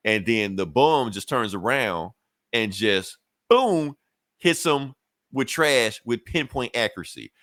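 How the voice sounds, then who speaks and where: A man's voice: on the low side, expressive, measured pace, fairly bright tone, dry recording, studio quality. A man hosting a podcast, retelling a comic book issue in loose, profane, chuckling casual chat. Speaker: podcast host.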